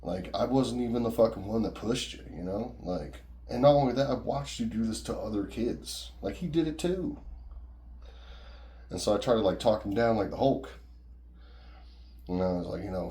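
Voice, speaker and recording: A man's voice: on the low side, expressive, normal speed, a little mellow. A man casually telling a personal story in a rambling, profane, conversational way.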